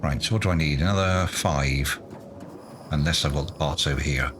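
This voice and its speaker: A man's voice: extremely low pitch, normal speed, background noise. A man doing let's play commentary, muttering to himself in a self-mocking, exasperated way. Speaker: gaming YouTuber.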